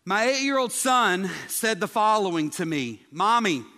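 A man's voice: sits high, expressive, moderate pace, bright, forceful tone, in a large hall. A male pastor giving a humorous sermon, chatting with the congregation and asking them questions. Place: church sanctuary.

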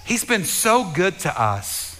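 A man with a high, bright voice preaches to his congregation. He is fervent and repetitive, often doubling his words as he speaks straight to his listeners. His voice rings out with a long reverb in a big hall. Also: sing-song, slow pace. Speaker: pastor. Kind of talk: sermon.

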